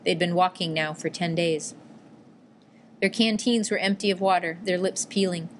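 A woman reads an audiobook in a low, measured voice. Her telling is even and steady, with a faint hiss in the background. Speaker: narrator. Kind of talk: audiobook narration.

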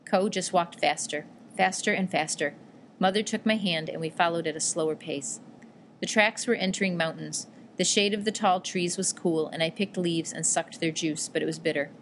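Woman audiobook narrator, lower voice, steady scripted read, faint background noise. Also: moderate pace. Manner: steady, even storytelling read.

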